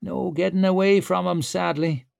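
A man's voice: sits high, steady tone, normal speed, creaky, a little mellow, dry recording, pitched above the performer's own voice. A wry old warrior mutters his dry quips under his breath, as a man reads him. The storybook recording is close and dry. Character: wry aging male warrior, dry wit.

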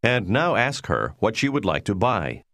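A man narrating a language course in a scripted, instructional way, giving clear, measured prompts. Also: fairly low pitch, sing-song, fairly bright tone, no echo, clean studio sound.

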